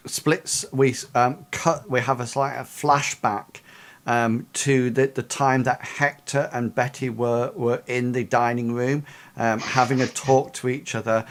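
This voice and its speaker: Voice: medium pitch, level tone, a little slow. A game master narrating a tabletop game in a rambling way, with many fillers and restarts.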